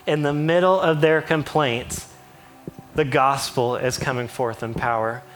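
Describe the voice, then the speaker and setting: A man preaching a sermon in an animated way, with playful asides and acted-out quotes. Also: medium pitch, measured pace, soft background music. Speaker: pastor.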